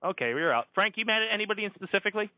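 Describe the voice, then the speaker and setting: A young man hosting a podcast, bantering and joking about himself in a relaxed way. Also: sits high, rapid-fire, no room sound. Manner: joking, self-mocking. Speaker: podcast host. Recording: tinny phone-like recording.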